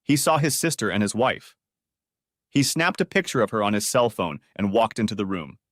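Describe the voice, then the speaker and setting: A man's voice: on the low side, sing-song, moderate pace, fairly bright tone, no echo, clean studio sound. Man narrating a story audiobook.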